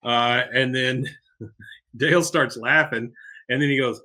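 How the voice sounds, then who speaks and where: Bright-voiced man recapping a cartoon episode. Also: mid-range voice, slow pace, pauses often. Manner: animated, acts out quotes. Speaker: podcast co-host.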